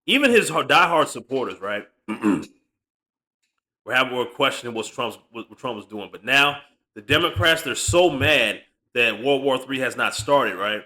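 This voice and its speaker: A man's voice: mid-range voice, expressive, moderate pace, bright, forceful tone. A man hosting a reaction channel, commenting on clips in a laid-back, slangy way.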